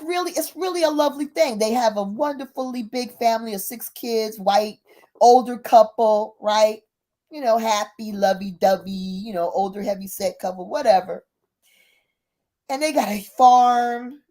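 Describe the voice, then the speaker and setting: A woman retelling a story in a casual, chatty, animated way. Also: fairly high pitch. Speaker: speaker.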